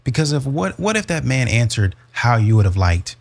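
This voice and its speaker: A man's voice: medium pitch, very animated, moderate pace, gravelly. A man hosting a reaction video, giving blunt, scolding commentary on clips with a mocking edge.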